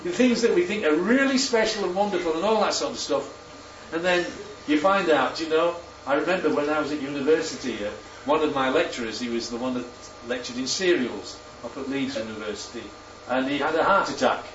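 A man's voice: on the high side, a little fast, few pauses, slight background noise. A man preaching a sermon, often putting questions to his congregation and repeating the answers back. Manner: interactive, asks the congregation questions. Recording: roomy, distant, muffled hall recording.

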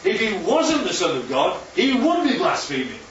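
A man leads a relaxed Bible class, moving through slides and checking often that his listeners follow. His voice sits a little high for a man. It comes from some way off the mic, muffled and echoing around the room. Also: moderate pace, a little hiss or hum. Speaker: Bible study teacher. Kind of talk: informal Bible teaching with slides. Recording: roomy, distant, muffled hall recording.

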